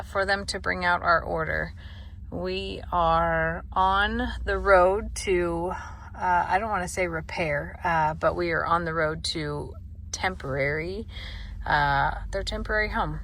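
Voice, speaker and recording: A woman's voice: on the low side, pushed and bright, slight background noise, poor audio. A woman chatting casually in a vlog as she runs errands, heartfelt and talkative, filmed on a handheld phone. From Texas. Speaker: vlogger. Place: in a vehicle and on errands.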